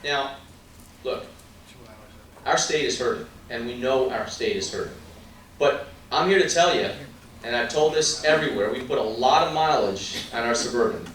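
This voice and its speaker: A political candidate delivers an emphatic stump speech at a party meet-and-greet, throwing rhetorical questions and asides at the crowd. His voice is medium-pitched, animated and fairly bright, at a moderate pace. The recording picks him up from far off in a very echoey room, with slight background noise.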